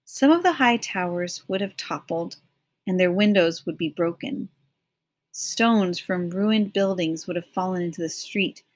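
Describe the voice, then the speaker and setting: Measured, expressive woman reading aloud. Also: mid-range voice. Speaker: audiobook narrator. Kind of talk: audiobook reading of a novel.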